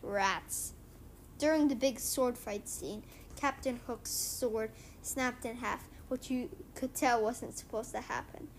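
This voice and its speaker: A woman reading a comic book aloud and retelling its story in a halting way, with many restarts. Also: fairly high pitch, slight background noise. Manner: halting, with frequent restarts and fillers.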